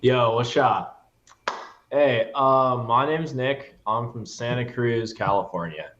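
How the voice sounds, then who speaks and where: Brief: man plays a very slow, drawling, spaced-out guy, dull lo-fi call audio. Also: mid-range voice, a bit bright, slight background noise. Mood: mellow. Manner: drawling, halting, filler-heavy. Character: slow, spaced-out male auditioner. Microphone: video call.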